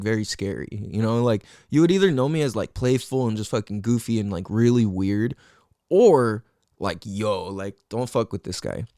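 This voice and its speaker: A young man at mid pitch whose voice swoops up and down as he talks, recorded close and dry with no room sound. He tells a personal story on his podcast in loose, profane slang and keeps dropping in fillers like "you know". It is a casual, candid monologue. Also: darkish tone, dry recording. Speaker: podcast host.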